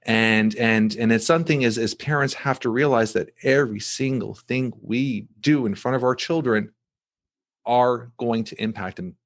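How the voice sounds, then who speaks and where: A middle-aged man hosting a podcast, telling a family story in an animated way with many restarts and repeated words. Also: medium pitch, moderate pace. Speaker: podcast host. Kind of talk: casual podcast conversation.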